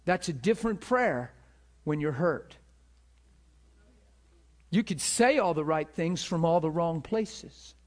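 A man's voice: on the high side, lively intonation, slow, long pauses. A man preaching a sermon with passion, praying aloud and telling a story, laughing between points. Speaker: pastor.

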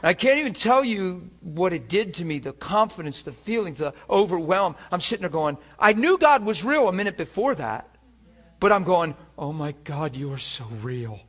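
A man preaching a sermon and telling his own story, animated, swinging between hushed and loud, often chuckling as he speaks. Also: high voice, normal speed. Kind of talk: sermon with personal testimony.

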